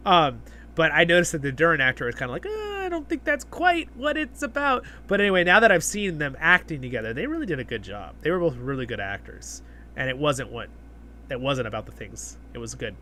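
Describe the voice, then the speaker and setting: A man's voice: mid-range voice, lively intonation, quick pace, bright, forceful tone, a little hiss or hum. A man hosting a live stream, chatting casually and reading viewer comments aloud, rambling with fillers and restarts. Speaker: livestream host.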